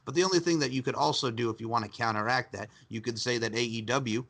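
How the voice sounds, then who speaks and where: Fast-talking man, bright tone. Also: medium pitch. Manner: quick, chatty, laughing through his points. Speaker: podcast co-host. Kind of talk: casual podcast chat.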